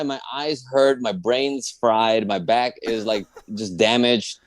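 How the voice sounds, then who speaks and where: A man's voice: mid-range voice, a little slow. A man from the Dallas area telling a comic personal story on a podcast, acting out his friends' voices. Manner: animated, acts out friends' voices. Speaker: guest comedian telling a story.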